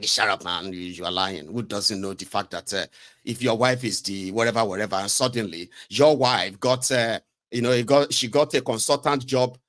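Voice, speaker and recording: A man's voice: medium pitch, fairly bright tone. A man with a Nigerian accent giving casual political commentary in a rambling, mocking way, slipping between English and pidgin. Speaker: commentary host.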